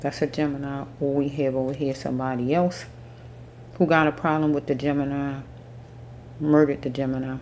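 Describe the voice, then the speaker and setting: Low-voiced woman reading tarot cards. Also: slight background noise. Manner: relaxed, thinking aloud with pauses; chewing a mint while talking. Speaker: tarot reader.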